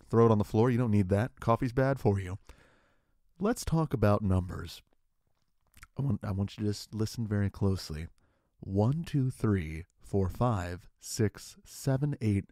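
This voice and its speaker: A man hosting a podcast, delivering a rambling, mock-serious absurdist comedy monologue in a deadpan way. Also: mid-range voice, no echo, studio quality. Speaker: podcast host.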